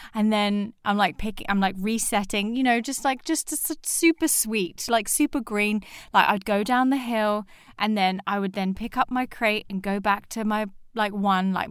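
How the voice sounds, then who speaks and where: A woman's voice: medium pitch, clean tone, no echo. Young woman chatting, acts out everyone in the story, dry close mic. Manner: animated storyteller, acts out quotes. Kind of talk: casual chat.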